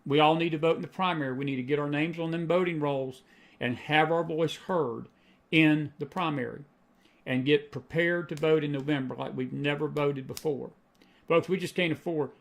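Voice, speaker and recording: A man's voice: fairly high pitch, creaky. A middle-aged man hosting a live faith and politics show, preaching in a folksy way, repeating lines for emphasis and answering chat comments.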